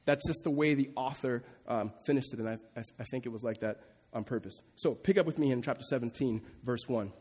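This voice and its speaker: A man preaching a sermon as the pastor, animated and conversational, often acting out quotes, recorded in a church sanctuary. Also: mid-range voice, brisk, breathy edge. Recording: long hall reverb.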